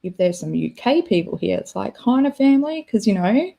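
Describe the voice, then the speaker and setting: A woman's voice: mid-range voice, sing-song, brisk, gravelly, dark tone. A young Australian woman hosting a casual livestream, chatty and self-deprecating as she reacts to her chat. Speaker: livestream host.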